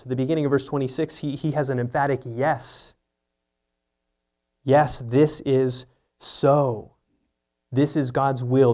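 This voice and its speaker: A man's voice: medium pitch, a little mellow. A man preaching an earnest, teaching sermon, often asking rhetorical questions. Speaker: pastor.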